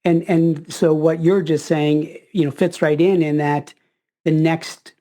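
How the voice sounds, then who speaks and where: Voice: medium pitch, flat delivery, measured pace, mellow. A podcast host in casual conversation, thinking aloud with restarts.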